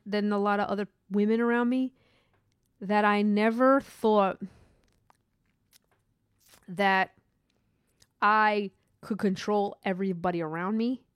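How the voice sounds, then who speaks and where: A woman's voice: mid-range voice, clear, resonant tone, no echo, clean studio sound. A woman who works in hospital imaging, talking earnestly and rambling with restarts in a casual spiritual monologue. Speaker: hospital MRI worker.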